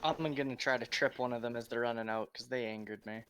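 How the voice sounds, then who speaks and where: A man's voice: medium pitch, fairly even intonation, fast, fairly bright tone, a little hiss or hum. Joking man playing a tabletop game. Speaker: player. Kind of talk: casual tabletop game chat.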